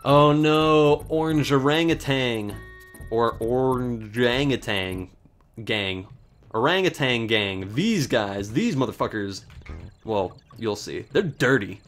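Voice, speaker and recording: A man's voice: mid-range voice, expressive, takes it slowly, a bit bright, soft background music. A man giving casual, sarcastic commentary while he plays a video game, joking and swearing at it. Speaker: let's play host.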